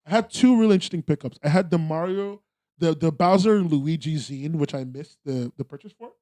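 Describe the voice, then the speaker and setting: A man's voice: fairly high pitch, a little fast, dark tone. Laid-back rambling American man. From United States. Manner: rambling, laid-back, frequent fillers and restarts. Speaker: podcast host. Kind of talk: casual chat.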